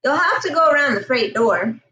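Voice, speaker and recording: A woman's voice: high voice, animated, brisk, pushed and bright. A kindly folksy station master, as a woman reads him aloud. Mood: friendly. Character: friendly middle-aged male station master. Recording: roomy echo, distant mic.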